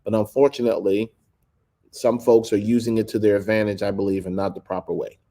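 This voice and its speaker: A man with a somewhat low voice gives measured commentary as a guest. He talks deliberately, hedging and restarting phrases while he builds his point. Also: level tone, dark tone. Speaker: guest speaker.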